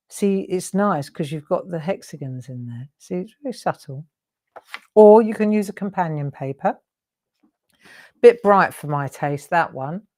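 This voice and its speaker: A woman's voice: lowish voice, darkish tone. A middle-aged woman hosting a live craft demonstration, chatty and encouraging, often asking her viewers questions. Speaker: craft show host.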